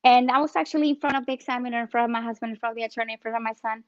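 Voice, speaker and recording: A woman in her thirties with a Spanish accent, an entrepreneur guest telling her story with animated energy in a casual interview. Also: on the high side, very fast, no echo, highs cut off. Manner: animated, acts out phone calls in her story.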